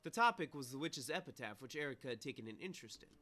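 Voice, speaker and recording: A man reads a visual novel aloud on a live stream, his voice bright and forward. Between passages he rants casually and swears, with no polish. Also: medium pitch, fast talker. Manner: reads narration flatly, then swears and rants loudly. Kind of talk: casual let's-play reading and commentary.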